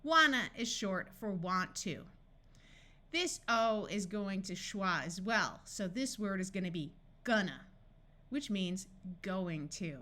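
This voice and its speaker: A woman tutor reads a phonics lesson aloud. She speaks slowly and carefully, stretching each sound so learners can follow. Her voice is bright and clear. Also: mid-range voice, animated. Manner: slow, deliberate enunciation of sounds and words.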